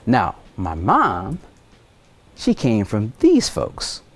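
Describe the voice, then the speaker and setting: A middle-aged man teaching a high school science lesson on TV in a casual, joking, conversational way. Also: wildly swooping pitch, very slow. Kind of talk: televised classroom lesson.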